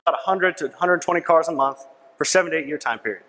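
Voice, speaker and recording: Racing along in a fairly high, fairly bright voice, a young conference speaker delivers a persuasive sales presentation. His style is punchy and repetitive, with key lines said again and frequent "right?" checks to the audience, all carried by the long reverb of a big hall.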